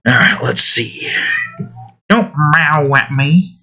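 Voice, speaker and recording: A man's voice: on the high side, wildly swooping pitch, slow, pushed and bright. A man talking casually to himself while drawing digital art, muttering about his work and snapping at his cat. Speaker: artist drawing on stream.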